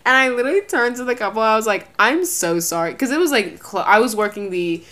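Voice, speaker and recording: Slangy animated young woman. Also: on the high side, fast talker. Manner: slangy, animated, says "bro" and "literally" a lot; laughs while telling stories. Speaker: storyteller in a chat. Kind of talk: casual chat.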